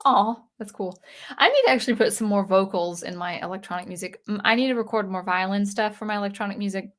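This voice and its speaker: A woman's voice: medium pitch, fast, a bit bright. A woman hosting a casual livestream for a music channel, reading viewer comments and rambling with frequent restarts.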